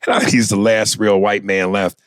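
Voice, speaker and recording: A man's voice: fairly low pitch, level tone, fairly quick, smooth, dry recording. A man co-hosting a comedy podcast, chatting crudely and loosely and reading out listener emails. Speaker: podcast co-host. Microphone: studio mic with headphones.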